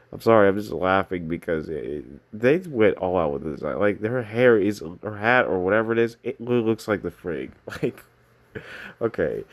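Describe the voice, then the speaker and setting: A man with a fairly low voice talks in a loose, casual commentary style. He rambles, stops short and corrects himself, and picks his thoughts back up as he goes. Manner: rambling, frequent restarts and self-corrections. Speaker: video commentator.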